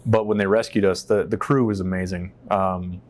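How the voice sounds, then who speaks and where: Lowish-voiced man telling a candid story. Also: normal speed. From United States. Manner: animated, profane, acts out quotes. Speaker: interview guest, veteran. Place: on a stage in a shop.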